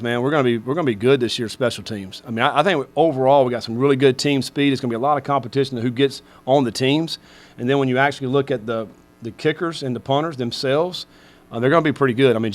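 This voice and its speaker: Rambling middle-aged football coach. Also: male voice, mid-range voice. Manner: rambling, heavy on fillers. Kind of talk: press conference answers.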